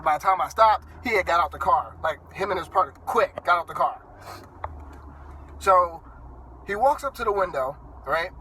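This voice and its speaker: A high, bright-voiced man vents to his phone from the driver's seat of his car. He talks heatedly and swears freely, often stumbling and restarting his sentences. His voice comes through a phone camera, with light road noise behind it. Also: poor audio. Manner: heated, profane, stammering restarts. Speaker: vlogger. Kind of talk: angry storytelling to camera. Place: inside a car while driving.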